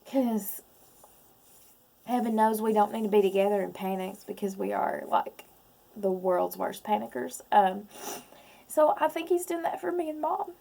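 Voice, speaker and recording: A woman in her thirties, speaking in a personal vlog, close to tears, halting with many pauses and ums. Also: medium pitch, vocal fry, dark tone. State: close to crying. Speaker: vlogger.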